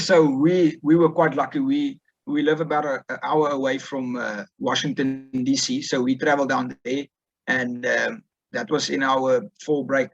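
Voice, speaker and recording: A South African student rugby player in his twenties, with a South African accent, talks casually as a guest in an interview, using many fillers and restarts. His voice sits at medium pitch. The recording is dry and the audio dull.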